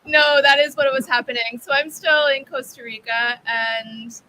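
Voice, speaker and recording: A woman's voice: high voice, steady tone, normal speed, sharp tone, a little hiss or hum, rough recording. A woman guest joining a podcast on a video call, talking in a friendly, chatty way with many "like"s. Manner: friendly, chatty, uses "like" a lot. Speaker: guest, soccer writer. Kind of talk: casual conversation. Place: room with open windows in a rental home. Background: heavy rain outside.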